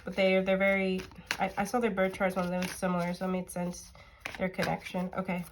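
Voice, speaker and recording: A woman tarot reader talks in a medium-pitched, monotone, stuffy and nasal voice, a little fast, with background noise in the recording. She chats casually while reading the cards, rambling and using lots of fillers.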